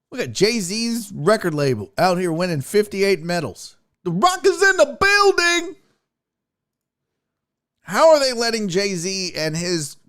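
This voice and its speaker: Male sports talk host, casual profane rants, high and very animated. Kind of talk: casual ranting commentary.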